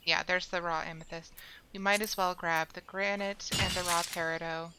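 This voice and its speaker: A woman's voice: fairly low pitch, fairly even intonation, normal speed, bright, forceful tone, slight background noise. A woman streamer giving casual, rambling commentary while playing a game, often correcting herself mid-sentence. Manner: chatty, rambling, self-correcting.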